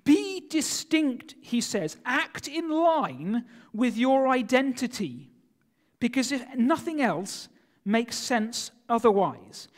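Taking it slowly, a very high-pitched male preacher delivers an animated sermon full of rhetorical questions for his congregation. The church hall adds long reverb.

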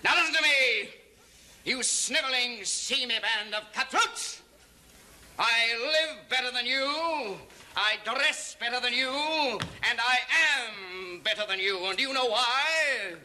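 An actor playing a pompous, snobbish ship captain who blusters and gives commands in a 1960s TV sketch. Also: male voice, very high-pitched, slow pace, pushed and bright, a little hiss or hum, exaggerated voice, low-quality recording. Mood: haughty.

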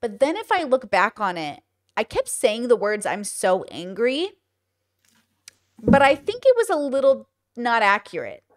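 A woman's voice: a little high, very animated, moderate pace. A woman in her thirties hosting a podcast, telling stories in casual chat and acting out what people said, with lots of fillers. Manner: chatty storytelling, acts out quoted lines, many fillers. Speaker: podcast host.

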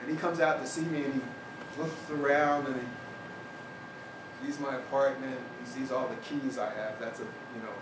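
A man's voice: medium pitch, fairly even intonation, normal speed, noisy background. An older man giving a university talk, telling a personal story and acting out other people's lines. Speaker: lecturer. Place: university lecture hall. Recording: echoey lecture hall recording, mic far off, loud ambience.

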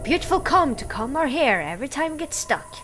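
A woman's voice: sits high, very animated, background noise, voice pushed up. Woman voicing sarcastic tangled flying creatures. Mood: drawling. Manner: slow, sarcastic drawl. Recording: game music underneath.

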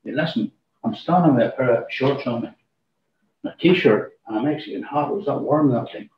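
A man's voice: medium pitch, expressive, brisk, slight background noise. A man gives an informal church testimony, rambling through his story and acting out what people said. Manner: rambling storyteller, acts out quoted dialogue. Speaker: church speaker giving a testimony. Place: church hall. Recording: roomy, distant, dull church recording.

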